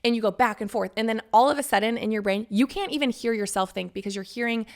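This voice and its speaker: Candid, chatty woman with a gravelly voice. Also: fairly high pitch, fast talker. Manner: candid, chatty, swears casually, acts out quoted friends. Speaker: podcast host. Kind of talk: solo podcast monologue.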